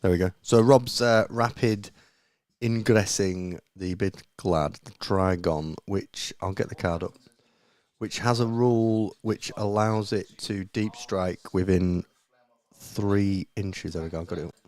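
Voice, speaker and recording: A man's voice: low-pitched, measured pace, a little mellow. A man commentating a live tabletop game stream, hesitating and reading rules aloud.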